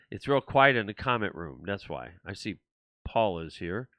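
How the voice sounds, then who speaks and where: A man's voice: lowish voice, a bit bright, no echo. An older man hosting his own livestream show, talking alone to viewers in a rambling, frustrated way, with many restarts. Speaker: show host. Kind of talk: solo livestream talk.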